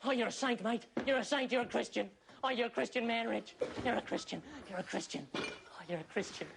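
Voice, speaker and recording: Australian male comic, high, wheedling drunk, noisy recording. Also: a little fast, gravelly. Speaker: comedy performer. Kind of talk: sketch comedy.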